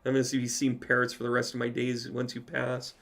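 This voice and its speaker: A male psychic medium, his mid-range voice carrying a gravelly edge, talks fast while recounting a lengthy personal story at a live question-and-answer session. His manner is lively and relaxed, with an occasional curse thrown in.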